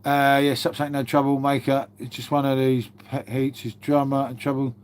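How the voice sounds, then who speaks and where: A man's voice: medium pitch, level tone, moderate pace, smooth. A man chatting casually on a live stream, swearing freely and calling his viewers mate.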